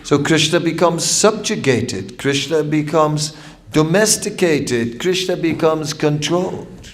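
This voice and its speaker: A man giving a devotional lecture as a spiritual teacher, reflective and storytelling, with long pauses. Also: a little high, animated. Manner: storytelling with acted quotes.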